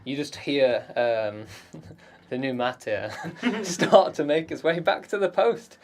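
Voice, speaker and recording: Slow game master, lively pitch, hesitant narration, laughs often. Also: male voice, slight background noise. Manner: hesitant, many fillers and restarts, laughing often. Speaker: dungeon master.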